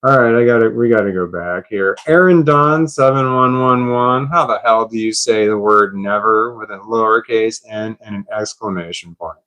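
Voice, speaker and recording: A man's voice: on the low side, moderate pace, hardly any pauses, sharp tone. A man chatting on a live stream, puzzled and rambling, laughing at himself.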